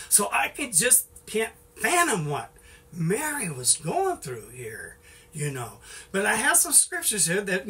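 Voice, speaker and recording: Middle-aged guy preaching casual, kinda high bright voice, sounds far from the mic. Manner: folksy, repeats "you know", restarts often. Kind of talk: informal sermon.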